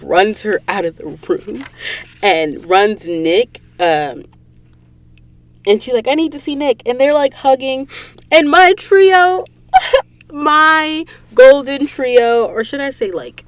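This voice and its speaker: A woman from Georgia hosting a podcast, retelling a novel's plot in an animated, gushing way with quick asides to listeners. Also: medium pitch, dry recording. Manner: animated, gushing storyteller, slips into whispers and asides. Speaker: podcast host. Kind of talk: casual book recap. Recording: dry close recording booth.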